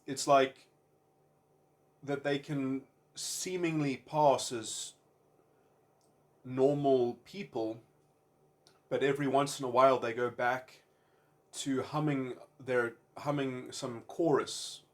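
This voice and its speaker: A man's voice: medium pitch, steady tone. Male commentator in a mid-range voice, solo musing, hesitant and stop-start, wordy and abstract. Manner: halting, searching for words, many fillers and repeated starts. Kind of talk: unscripted philosophical monologue.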